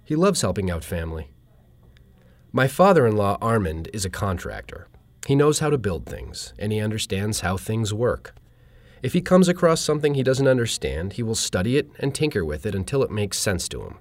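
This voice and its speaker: Deadpan male essay reader, lowish voice, dry close recording. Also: brisk, no room sound. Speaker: narrator. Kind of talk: reading a personal humorous essay.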